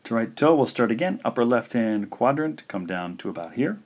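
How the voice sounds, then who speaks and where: A man teaching a language lesson, sounding out words slowly and carefully, syllable by syllable, in a patient, encouraging way. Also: mid-range voice, very animated. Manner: slow, careful syllable-by-syllable pronunciation. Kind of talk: slow instructional lesson.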